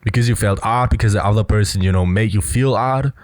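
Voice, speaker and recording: A man's voice: on the low side, fast talker, a little mellow, no echo. A man giving blunt, assertive casual commentary on a film clip, often filling with "you know". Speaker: body language commentator.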